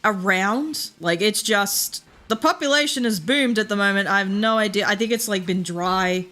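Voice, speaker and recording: A woman's voice: medium pitch, normal speed, sharp tone, soft background music. An Australian woman streaming a game and chatting casually, swearing freely and laughing through her stories. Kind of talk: casual chat while gaming.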